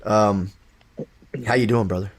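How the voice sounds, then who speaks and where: Young guy on a podcast, lowish voice, rambles, tons of fillers. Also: steady tone, measured pace. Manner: rambling, many fillers and restarts. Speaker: podcast co-host. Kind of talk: casual chat.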